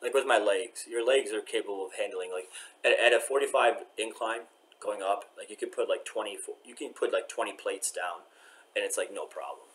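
Waiting in a courthouse, a man vlogs to his camera in a lowish, fairly bright voice at a fairly quick clip, with a little hiss or hum in the recording. He rambles, keeps restarting, and frequently fades into mumbling.

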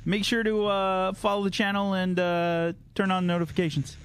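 A man's voice: high-pitched, flat delivery, moderate pace, smooth, natural voice. Man putting on a folksy Canadian streamer. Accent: Canadian (put on). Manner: drawling, filler-laden sign-off.

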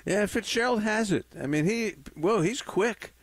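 A man's voice: high voice, moderate pace. A man hosting a sports radio show, talking in an eager, folksy way and putting leading questions to his guest. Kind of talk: casual sports radio chat.

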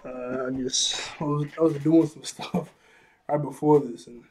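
A man's voice: mid-range voice, steady tone, measured pace, a little mellow, slight background noise. A man casually recapping an anime episode, chuckling often and a bit out of breath, with a loose, apologetic way of talking. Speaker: anime reviewer.

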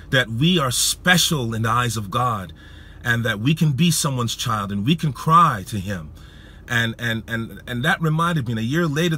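A man preaching, telling a personal story in an emotional, halting way, often repeating his words. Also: mid-range voice, pushed and bright, a little hiss or hum. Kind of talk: sermon storytelling.

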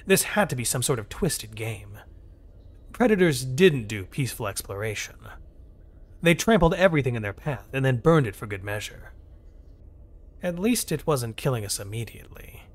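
Man narrating a tense story with lively pitch. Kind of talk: scripted first-person narration.

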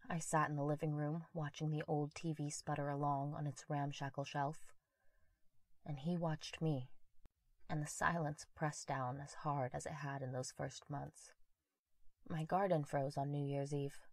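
Low-voiced woman narrating a horror story. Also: flat delivery, measured pace, dry recording.

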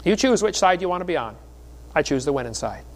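A man's voice: fairly high pitch, big pitch swings, quick pace. A middle-aged man preaching a sermon in a folksy storytelling way, with jokes between the stories. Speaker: creationist speaker.

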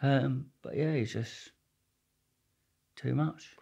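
A man's voice: medium pitch, takes it slowly, gravelly, warm tone, breathy edge. A young man, a podcast guest telling stories in a rambling, slangy way with plenty of swearing and restarts. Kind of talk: casual storytelling interview.

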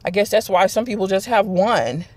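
A woman's voice: mid-range voice, normal speed, a little mellow, dry recording. A woman, chatting casually to her viewers in a rambling vlog. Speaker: vlogger. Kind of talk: casual chat to camera.

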